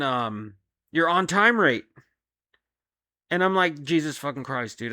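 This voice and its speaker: A man's voice: medium pitch, sharp tone, no room sound, studio quality. A man, a delivery driver, venting in an angry, profane solo rant about his job. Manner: profane, heated, frustrated.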